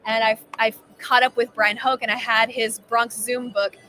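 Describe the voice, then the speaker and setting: A woman with a Texan accent co-hosting a casual live sports stream, telling stories in a lively way and acting out each person's voice. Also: fairly high pitch, moderate pace, a little hiss or hum, poor audio. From Texas. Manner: lively storyteller who acts out every voice in her story. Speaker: co-host. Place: at a baseball convention.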